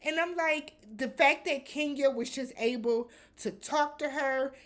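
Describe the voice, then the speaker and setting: A woman hosting a casual reality TV recap, talking in a blunt, animated way with some swearing. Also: high-pitched, a little slow.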